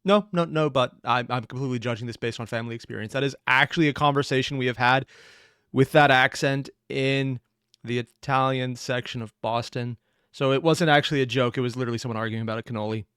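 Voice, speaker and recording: A man's voice: medium pitch, fairly even intonation, fast, fairly bright tone, smooth, no echo, studio quality. A man in his thirties hosting a reaction video, chatting casually with self-mocking asides. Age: 30s. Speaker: reaction channel host.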